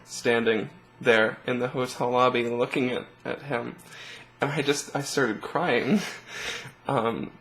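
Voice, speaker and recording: Young male vlogger, earnest and emotional, mid-pitched, soft trailing delivery. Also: poor audio. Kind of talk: personal storytelling to camera.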